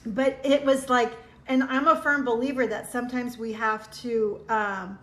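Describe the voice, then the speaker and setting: A woman's voice: fairly high pitch, steady tone, measured pace, fairly bright tone. A middle-aged woman hosting a casual livestream, telling personal stories in a heartfelt, meandering way and thanking viewers as she reads their comments. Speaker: livestream host. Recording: echoey room.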